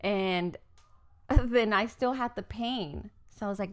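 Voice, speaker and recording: A young woman co-hosts a podcast in relaxed, casual chat. She rambles through her stories, full of little fillers, and laughs often along the way. Her voice sits at a plain middle pitch. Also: takes it slowly. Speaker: podcast co-host.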